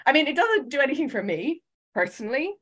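A woman's voice: high voice, sing-song, fairly bright tone. British woman co-hosting a casual podcast. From United Kingdom. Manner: thoughtful, measured, hedging with restarts. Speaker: podcast co-host. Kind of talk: casual chat.

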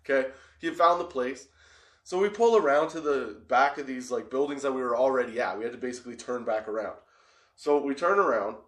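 A man's voice: medium pitch, a little fast, fairly bright tone, roomy sound. A man telling a wild story in casual talk, swearing, laughing often and checking in with "okay?". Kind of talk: casual anecdote.

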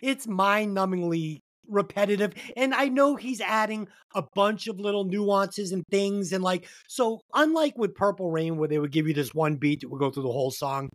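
A man's voice: high-pitched, normal speed, few pauses, no echo, clean studio sound. A man co-hosting a casual album review podcast, joking, swearing and acting out quoted voices. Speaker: podcast co-host. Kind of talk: casual music review chat.

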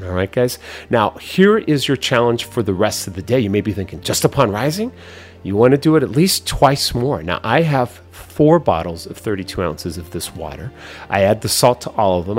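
Man, health podcast host, motivational, low voice, pumped up, leads affirmations. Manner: energetic, coaching, leads repeated affirmations. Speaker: health coach and show host.

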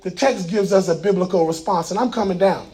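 A male pastor preaching a sermon in a fervent call-and-response style, often shouting and coaxing the congregation with folksy asides. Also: high voice, a little fast, rough recording. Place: church sanctuary with congregation.

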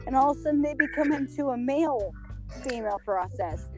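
A woman's voice: high voice, expressive, fairly quick. Candid, profane woman over background music. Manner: candid and profane, laughs often, acts out quoted voices. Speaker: podcast guest interviewing the host. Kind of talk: casual chat.

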